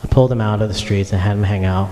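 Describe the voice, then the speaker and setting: Racing through his words in a fairly low, steady, mellow voice, a pastor earnestly recounts his own story in a sermon, addressing the congregation directly. A long hall reverb surrounds the recording.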